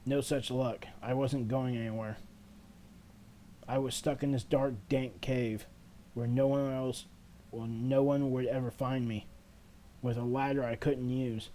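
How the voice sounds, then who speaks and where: A let's player with a mid-range, darkish, natural-sounding male voice reads a game's first-person narration aloud, with slight background noise. He voices a frightened teenage schoolgirl in an earnest, desperate tone.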